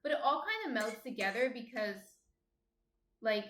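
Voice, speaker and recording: A woman with a New Jersey accent chats casually on a baking stream, reading out viewer comments as she goes. Her voice sits a little high, and the sound rings in an echoey kitchen. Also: big pitch swings, moderate pace, a crowd in the background. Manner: chatty, reads viewer comments aloud. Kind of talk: casual chat while baking. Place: home kitchen. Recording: echoey room.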